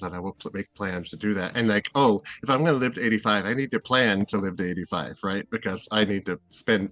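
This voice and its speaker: A man's voice: fairly low pitch, a bit bright, dry recording. Rambling man, lots of fillers. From Seattle, USA. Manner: rambling, hesitant, many fillers and restarts. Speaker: guest. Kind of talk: casual interview chat.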